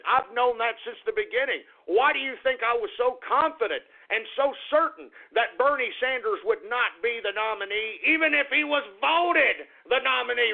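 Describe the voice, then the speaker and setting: A man's voice: high-pitched, gravelly. A male radio host in an agitated, profane, repetitive rant, venting about an encounter and a lot on his mind. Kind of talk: ranting talk radio monologue. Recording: tinny phone-like radio audio.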